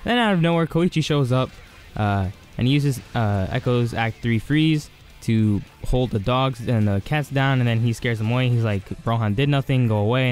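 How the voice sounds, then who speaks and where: Low-voiced man rambling through an anime recap. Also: darkish tone. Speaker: anime reviewer, channel host. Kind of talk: casual episode review.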